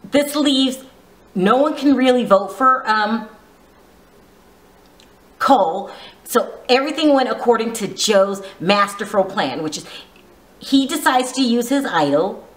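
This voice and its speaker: Animated gossipy woman in an echoey room. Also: on the high side, a little slow, pauses often. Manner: gossipy and teasing, with asides. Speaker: vlogger reviewing a reality show. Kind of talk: casual chatty recap.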